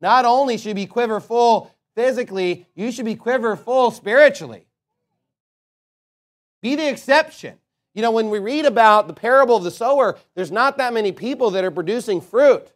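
A man preaching a sermon as a pastor, emphatic, swinging between loud declarations and quiet asides. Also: extremely high pitch, lively intonation, moderate pace.

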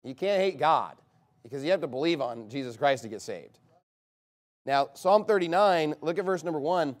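A high-pitched man preaching in church with heat and contempt. His delivery swings between sharp, loud outbursts and low, muttered asides. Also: animated, normal speed. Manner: fiery, scornful preaching with sudden loud bursts. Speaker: pastor. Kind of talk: sermon.

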